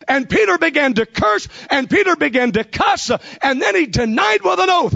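A man preaching an impassioned revival sermon, with rhythmic repetition and bursts of shouting. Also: extremely high pitch, very animated, normal speed, creaky, few pauses, muffled recording.

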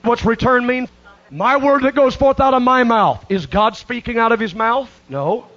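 A man delivers an impassioned sermon in a high voice, rising to shouts and then dropping to low, hushed phrases. The recording is dull and lo-fi. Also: moderate pace. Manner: impassioned preaching with big swings between shouts and hushed lines. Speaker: preacher.

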